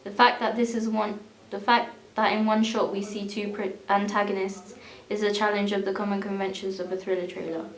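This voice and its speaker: Flat-voiced girl reading a school evaluation, echoey room. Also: medium pitch, brisk, few pauses. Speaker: student presenter.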